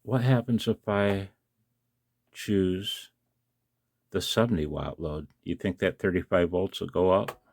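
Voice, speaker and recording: A man's voice: deep voice, steady tone, a little slow, pauses often, darkish tone, no room sound. A tired man, up late at night, casually demonstrating a hobby device and chatting to the viewer with questions and chuckles.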